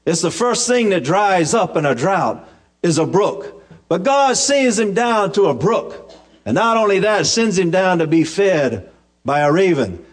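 High-voiced folksy preacher man. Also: very animated, measured pace. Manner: folksy storytelling with humorous asides; repetitive, restarting phrases. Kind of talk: sermon.

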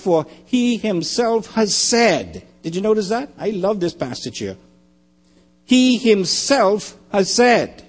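Emphatic man preaching a sermon. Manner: emphatic, repeating phrases, dropping to quiet lows.

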